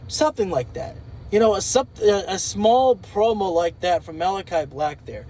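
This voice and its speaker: A man's voice: high-pitched, moderate pace, mellow, a little hiss or hum, low-quality recording. A man talking casually in an opinion vlog, rambling and thinking aloud with fillers. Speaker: wrestling commentator.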